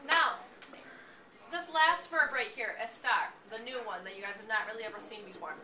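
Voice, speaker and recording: A woman's voice: a little high, moderate pace, sharp tone. A woman teaching a classroom lesson, encouraging and often checking that the class understands. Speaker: Spanish teacher. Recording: echoey classroom from far off, background noise.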